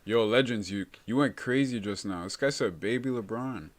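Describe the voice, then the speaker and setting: A man's voice: on the low side, normal speed. Laid-back young guy chatting. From Canada. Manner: laid-back, calls everyone bro. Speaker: live-stream host. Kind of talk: casual chat reading viewer comments.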